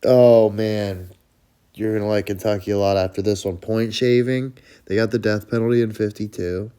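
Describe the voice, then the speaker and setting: A man's voice: on the low side, steady tone, moderate pace, dark tone, clear, resonant tone. A man hosting a casual sports show, rambling and swearing, and calling himself Coach in the third person.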